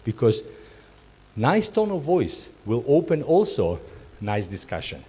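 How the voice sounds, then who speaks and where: A man's voice: mid-range voice, huge pitch swings, measured pace, warm tone, slightly rough. A man training job candidates in hospitality, speaking non-native English in an emphatic way and often repeating and restarting his words. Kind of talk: instructive talk to job candidates.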